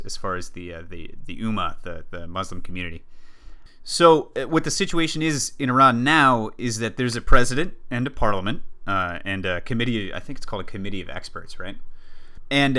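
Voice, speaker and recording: A man with a lower voice explaining political history in casual discussion, with frequent restarts. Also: pushed and bright. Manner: explanatory, many restarts and fillers.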